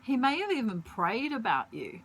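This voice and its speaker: A woman giving a casual tarot reading at home, chatty and rambling, pausing to search for words and laughing often. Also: fairly high pitch, big pitch swings, a bit bright, breathy edge, low-quality recording. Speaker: tarot reader. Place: at home, pet bird nearby.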